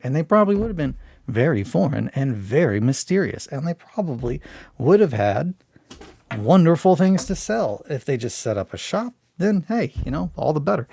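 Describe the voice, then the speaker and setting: A man's voice: mid-range voice, darkish tone, no room sound. Man, hobby stream host, rambling casual monologue, swears a lot, dry close sound. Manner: rambling, restarts and swears freely.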